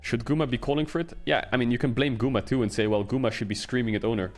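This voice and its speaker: A man's voice: mid-range voice, fairly even intonation, fast, faint music behind. A man streaming casual game commentary, ranting and swearing, with lots of emphatic repetition.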